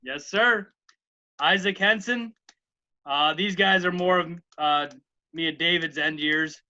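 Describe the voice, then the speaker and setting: Brief: earnest podcast co-host from the Chicago area, very bright and higher-pitched, lo-fi sound. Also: male voice, takes it slowly. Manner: earnest, grateful, rattles off names. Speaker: podcast co-host, former college outfielder. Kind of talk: casual podcast chat. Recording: dull lo-fi audio.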